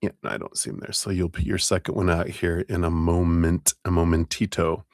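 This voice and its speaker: Male stream host, very low voice, friendly and thankful, dry close sound. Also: little pitch movement, a little fast, gravelly, a little mellow, no room sound. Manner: friendly, greets viewers by name, thankful. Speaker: tarot reader and live stream host. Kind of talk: casual live-stream chat.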